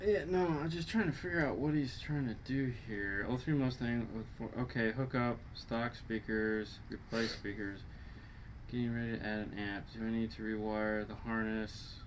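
A man's voice: mid-range voice, moderate pace, a little hiss or hum. A man hosting a casual live-stream show, explaining car audio setups in a rambling, self-correcting way.

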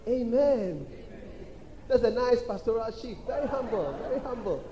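A man preaching a sermon in a church hall, emphatic and repetitive, calling for responses and acting out shouted quotes. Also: very high voice, expressive, normal speed, lo-fi sound, crowd noise. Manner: acts out quoted voices and shouts. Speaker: pastor. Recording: echoey church hall with faint background noise.

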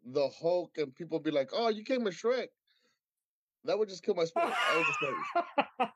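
A man chatting casually with friends, animated, laughing a lot and swearing. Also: high-pitched, normal speed, no room sound. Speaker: guest. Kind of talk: casual chat.

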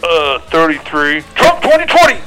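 A man putting on a gruff slow caller voice. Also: on the high side, fairly even intonation, pushed and bright, soft background music, full character voice, low-quality recording. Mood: drawling.

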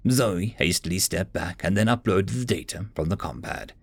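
A man's voice: deep voice, lively intonation, normal speed, creaky, breathy edge, dry recording. A man narrating a story as an audiobook reader, lifting his voice a little for the characters' lines.

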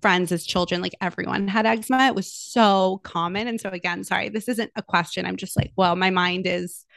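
A woman's voice: medium pitch, steady tone, brisk, creaky, a bit bright, no echo. A woman co-hosting a podcast who thinks aloud in long rambling turns full of "like" and "right?". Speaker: podcast co-host. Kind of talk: casual podcast chat.

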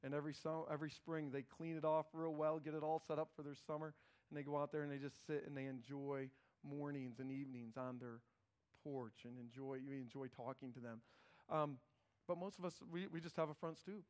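Middle-aged guy pastor giving a sermon, chatty and lively, kinda higher voice, stumbles over repeated words. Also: brisk, clean tone. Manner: conversational, animated, repeats words when starting phrases.

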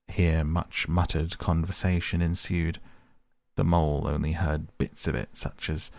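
A man reading a storybook aloud in a slow, measured narration. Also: a bass voice, flat delivery, creaky, darkish tone, dry recording.

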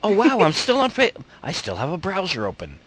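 A man's voice: high voice, brisk, heavy background noise. A man acting as game master, chatting and joking casually over an online voice call before a tabletop game. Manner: animated, joking, trails off mid-sentence.

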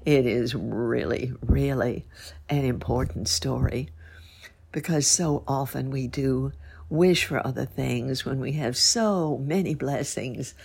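A woman reading a folk tale aloud in a gentle, measured way. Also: a bass voice, creaky, slightly rough. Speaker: storyteller. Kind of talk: storybook reading.

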